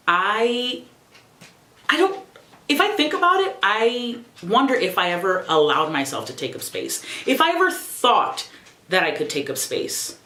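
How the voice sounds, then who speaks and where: Young woman, low voice, animated pitch, sassy and profane, roomy home echo. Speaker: YouTuber. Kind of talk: casual reflective vlog.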